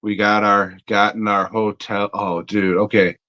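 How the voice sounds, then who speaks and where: Low-voiced man ranting, profane and rambling. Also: little pitch movement, unhurried, sharp tone, no room sound, muffled recording. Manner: rambling and heavily profane, frequent fillers. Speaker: podcast co-host. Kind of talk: casual storytelling chat.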